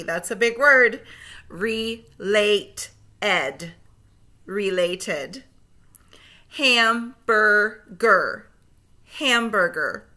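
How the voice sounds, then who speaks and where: A woman teaching a phonics lesson to young children, sounding out words slowly and clearly, with gentle encouragement. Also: medium pitch. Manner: clear, slow, drawn-out word sounding.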